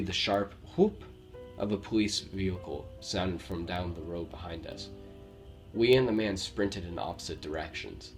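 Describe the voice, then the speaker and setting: Deep-voiced man reading scary stories. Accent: Romanian. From Romania. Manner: steady storytelling reading with occasional slips. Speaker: horror story narrator. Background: faint background music.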